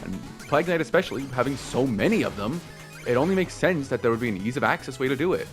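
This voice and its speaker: A young man giving rambling, excitable commentary while playing a video game, joking, swearing and laughing at himself. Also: mid-range voice, fast. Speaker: let's play host. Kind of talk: casual gameplay commentary. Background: faint game music.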